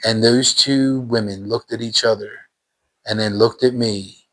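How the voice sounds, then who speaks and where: A man's voice: on the low side, fairly even intonation, unhurried. A man telling his personal faith testimony in a fervent, emphatic way, repeating phrases in casual everyday speech.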